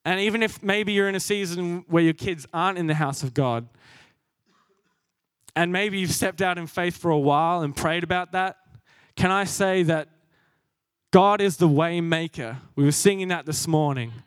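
A man's voice: high voice, moderate pace, smooth, no room sound, clean studio sound. A young man preaching a sermon, earnest and self-deprecating, laughing at himself as he goes.

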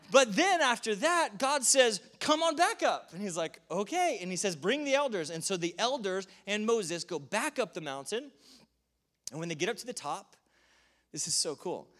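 A high-voiced man preaching a sermon, retelling stories with animated energy. He laughs often and breaks into quick asides between the big moments.

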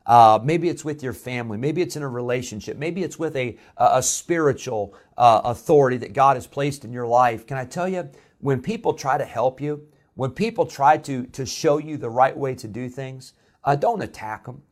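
A man's voice: mid-range voice, normal speed. A man from Illinois preaching a sermon as pastor. He tells a personal story in a conversational way, with frequent "uh" fillers and restarts.

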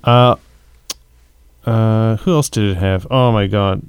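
Smooth-voiced man musing about movies. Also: fairly low pitch, fairly even intonation, no echo. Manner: rambling, searches for words, measured. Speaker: podcast co-host. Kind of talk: casual movie discussion.

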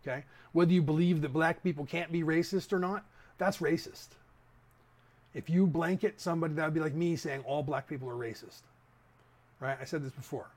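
Rambling fifty-something man, slightly high voice. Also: a little fast. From San Francisco Bay Area. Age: 50s. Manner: rambling, talks straight to listeners with asides. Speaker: podcast host. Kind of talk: casual opinion monologue.

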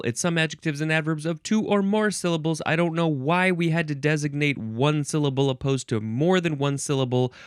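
A man hosts a casual solo podcast, working through dictionary entries with wry, goofy asides. He talks slowly and lets his pitch swoop up and down as he muses. The recording is dry and close, with no room sound. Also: no room sound.

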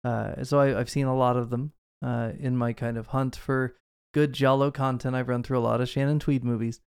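A man's voice: mid-range voice, little pitch movement, normal speed, gravelly, darkish tone, smooth, no room sound, studio quality. A man co-hosting a podcast, talking through a movie in a rambling, casual way with lots of asides. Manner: chatty, rambling with fillers and asides. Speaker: podcast co-host.

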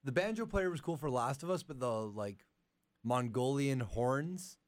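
A man's voice: mid-range voice, expressive, unhurried. A man co-hosting a podcast, chatting casually with lots of "like", sounding congested from allergies. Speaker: podcast co-host.

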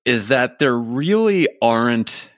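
A man's voice: mid-range voice, animated, takes it slowly, dry recording. Male podcast guest from New York, dry close sound, joking and wry. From New York City. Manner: wry, joking, laughs often. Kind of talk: casual interview chat. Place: home in Los Angeles.

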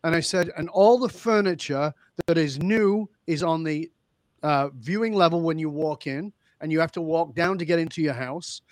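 A man telling stories from his consulting work in a podcast interview, acting out each line of dialogue with animated emphasis. His voice sits a little high and the sound is dry and close, with no room. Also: moderate pace, no echo. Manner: animated, acts out quoted dialogue. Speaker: leadership consultant.

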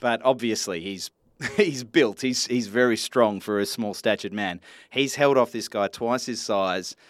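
A man's voice: fairly low pitch, a little slow, no echo. A man, co-hosting a casual sports podcast, talking in a blunt, chatty way and swearing freely. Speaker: podcast co-host.

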